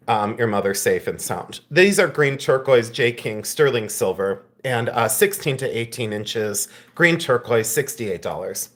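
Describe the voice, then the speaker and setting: A man's voice: mid-range voice, fairly bright tone. A man hosting a live jewelry sale stream, teasing viewers in the chat, laughing often and turning tender when he speaks to a friend.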